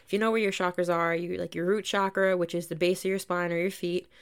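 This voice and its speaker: A woman's voice: lowish voice, little pitch movement, quick pace, clear, resonant tone. A young woman hosting a podcast, telling a story in a casual, chatty way, full of "like" and mild swearing. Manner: chatty, swears freely, lots of "like". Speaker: podcast host.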